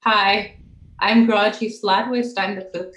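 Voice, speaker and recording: A dour little male cook, as a woman voices him talks in a glum, gloomy tone and runs himself down. His voice stays close to an everyday one, heavy and flat in mood. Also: sits high, slow pace, reverberant.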